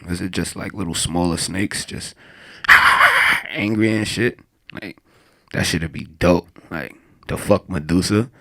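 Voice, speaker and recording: A young man works through a stand-up set in a deep, low register with a gravelly edge. His delivery is crude and rambling, and he often breaks into laughter at his own jokes. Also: measured pace. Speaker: stand-up comedian.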